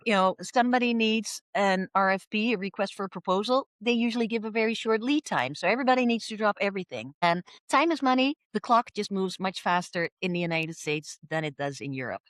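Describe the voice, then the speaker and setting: A middle-aged woman coach giving a podcast interview, talking in a lively way and acting out quoted voices with big jumps in pitch. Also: fairly quick, hardly any pauses, no room sound, studio quality.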